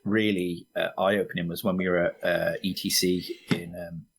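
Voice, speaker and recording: A man with a husky, low voice co-hosts a relaxed podcast. He reminisces in a laid-back way and drops dry, wry asides. His tone stays easygoing and conversational. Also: moderate pace. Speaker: podcast co-host. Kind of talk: casual chat.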